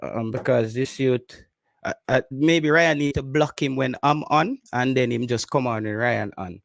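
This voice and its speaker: A man's voice: medium pitch, measured pace, creaky, dry recording. A man with a Jamaican accent co-hosting a casual live stream, reading viewer comments aloud, repeating himself and slipping into patois.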